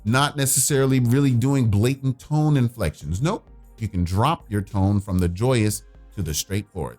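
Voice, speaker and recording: A man's voice: medium pitch, moderate pace, faint music behind. A man hosting a casual chat, telling stories about his phone customer service job and slipping into mock voices. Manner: animated storyteller, slips into mock voices of callers. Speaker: podcast host.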